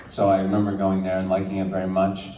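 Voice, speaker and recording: A man's voice: deep voice, completely flat delivery, fast talker, warm tone, muffled recording. A man from New Jersey, a guest actor answering fan questions at a convention panel, joking and teasing and laughing often. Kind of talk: casual fan Q&A. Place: large convention hall with an audience. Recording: echoey hall, distant mic, crowd noise.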